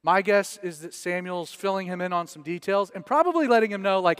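A man's voice: high voice, steady tone, brisk, hardly any pauses, fairly bright tone, clean tone, no room sound. A man preaching a casual verse-by-verse sermon as pastor, conversational and joking with slang asides.

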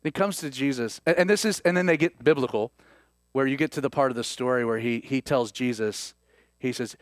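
A man preaching a sermon, swinging between loud emphasis and soft, hushed lines. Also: medium pitch, a little fast, dry recording, clean studio sound.

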